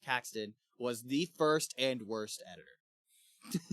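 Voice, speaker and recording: A young man co-hosting a casual book club podcast, talking in a relaxed, rambling way and laughing often. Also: medium pitch, slow, no room sound, studio quality. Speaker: podcast co-host.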